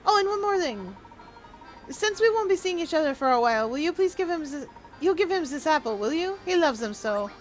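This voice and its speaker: A woman's voice: sits high, sing-song, a little fast, faint music behind, voice pushed up. A woman voicing a fussy, chatty, lonely male cook. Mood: pleading.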